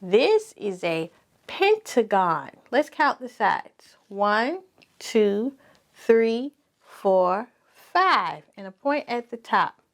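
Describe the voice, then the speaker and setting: Preschool teacher, woman; unhurried, lively sing-song delivery, encouraging and repetitive. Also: medium pitch. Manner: repeats each word slowly for children to echo, encouraging.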